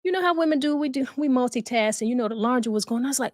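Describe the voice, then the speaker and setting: A woman's voice: high voice, rapid-fire, hardly any pauses, no echo, studio quality. A tired woman co-hosting a live talk show, chatting casually and folksily with her viewers. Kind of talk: casual live-stream chat.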